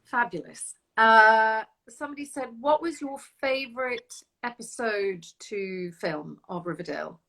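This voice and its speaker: Bright-voiced enthusiastic woman host. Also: a little high, a little slow, hardly any pauses. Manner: enthusiastic, reads out viewer questions. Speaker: interview host. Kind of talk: casual interview chat.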